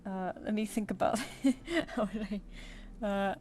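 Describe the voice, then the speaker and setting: A woman's voice: mid-range voice, takes it slowly, a little mellow, a little hiss or hum. A woman streaming while she draws, thinking aloud and answering her viewers in casual chat. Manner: chatty, thinks aloud, reads chat comments and answers them. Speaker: streamer drawing live.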